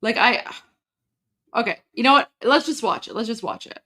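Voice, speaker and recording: A woman from Iran chatting on a casual livestream, emotional and halting, with many restarts and repetitions. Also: fairly high pitch, animated, bright, forceful tone, a little hiss or hum. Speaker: livestream host.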